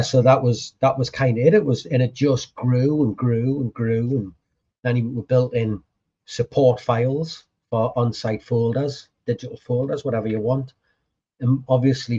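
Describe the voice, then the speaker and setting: A man's voice: medium pitch, mellow, slightly rough, highs cut off. A man telling a story in casual conversation, chatty and swearing freely as he acts out past conversations. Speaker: podcast co-host appearing as guest.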